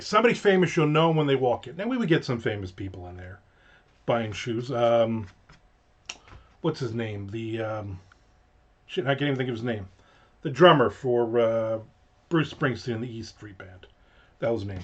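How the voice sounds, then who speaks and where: A man's voice: mid-range voice, breathy edge, dull audio. A man hosting a show, telling a long anecdote in a rambling, digressive way with casual profanity. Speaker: show host. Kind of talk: casual storytelling.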